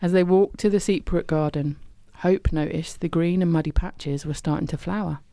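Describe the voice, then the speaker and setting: A woman reads a children's story aloud in a gentle, expressive way. Her voice is mellow and dark, recorded close and dry. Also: lowish voice, moderate pace, no echo.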